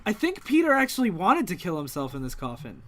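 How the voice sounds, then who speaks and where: A man's voice: sits high, wildly swooping pitch, brisk. A man co-hosting a podcast, making wry, jokey asides in a casual chat about a comic book. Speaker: podcast co-host.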